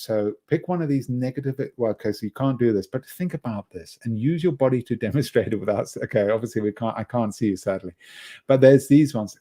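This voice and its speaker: A man giving an online lecture as a presentation skills trainer, talking conversationally with many restarts and asides and shifting his loudness for emphasis. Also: fairly low pitch.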